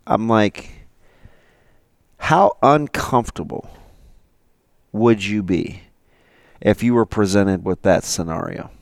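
A low-voiced man co-hosting a sports radio show, lively and quick to jump in. He reads passages aloud and trips over his words, and the sound is dry and close to the mic. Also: gravelly, no echo. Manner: animated, reads quotes aloud, stumbles and repeats. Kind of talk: casual sports talk.

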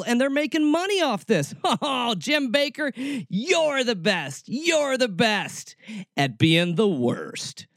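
Sarcastic ranting man, lively swooping voice. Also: very high-pitched, dry recording. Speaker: podcast host. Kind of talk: casual commentary.

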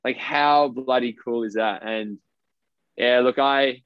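A man's voice: mid-range voice, slow pace, smooth, no room sound. An Australian man, a professional basketball player, telling his story in a casual interview, emphatic and blunt, swearing freely. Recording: dry, slightly dull lo-fi sound.

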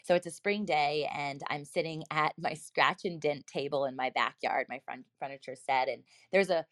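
A woman's voice: sits low, moderate pace, fairly bright tone, no echo, clean studio sound. A woman in her thirties telling a personal story in an earnest, reflective way, speaking directly to her listeners.

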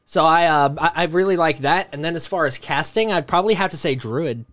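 A man's voice: a little high, fairly quick, a bit bright. A man hosting a podcast, chatting casually with friends, laughing often and swearing freely. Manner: laughing, swearing, easygoing banter. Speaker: podcast host. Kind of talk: casual chat.

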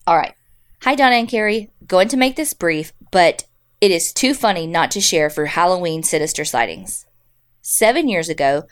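Wry woman reading listener stories. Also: lowish voice. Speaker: podcast co-host. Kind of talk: casual chat and reading listener stories aloud.

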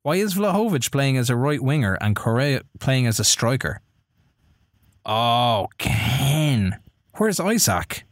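Excitable Irish man narrating his game. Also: medium pitch, takes it slowly, no echo, clean studio sound. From Ireland. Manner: running commentary on his own game, excitable bursts. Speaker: podcast co-host playing a football management game. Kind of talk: casual live-play chat.

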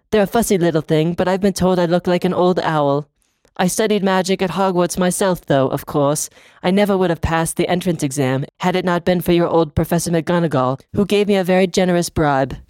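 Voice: mid-range voice, brisk, a little mellow, clean tone, dry recording, clean studio sound, voice pushed up, natural voice. A podcaster voicing a fussy, self-important headmistress witch while reading fan fiction aloud. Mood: prim.

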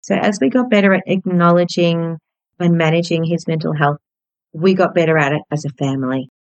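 A woman in her thirties hosting a podcast, telling a personal story in a reflective, gentle, candid way. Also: on the low side, fairly quick, no echo, muffled recording. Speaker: podcast host.

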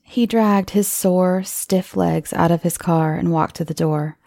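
A woman reading a horror story aloud in measured scripted narration, sometimes sinking to a whisper for suspense. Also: fairly low pitch, steady tone, creaky, dark tone, no echo. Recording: music bed under the voice.

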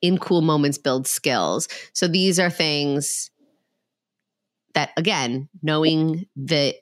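A woman psychologist talking casually and practically as a guest, candid and quick in bursts. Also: deep voice, fairly bright tone, dry recording, studio quality. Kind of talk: casual expert talk.

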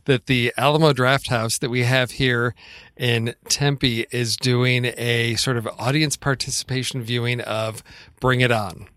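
A man's voice: mid-range voice, flat delivery, measured pace, fairly bright tone, clean tone, no room sound, studio quality. A man co-hosting a film podcast, chatting casually and laughing easily. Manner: laughs easily, upbeat sign-off. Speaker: podcast co-host. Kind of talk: casual chat about films.

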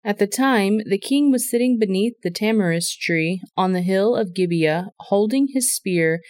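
A woman reading a Bible passage aloud in a clear storytelling way. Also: medium pitch, moderate pace, darkish tone, no room sound, clean studio sound. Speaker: scripture reader.

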